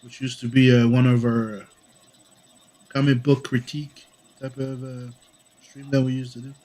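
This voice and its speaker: A man's voice: medium pitch, level tone, normal speed, dark tone, a little hiss or hum. Sick man chatting on a drawing stream. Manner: rambling, swears casually. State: sick with a cough. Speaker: comic artist streaming. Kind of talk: casual stream chat while drawing.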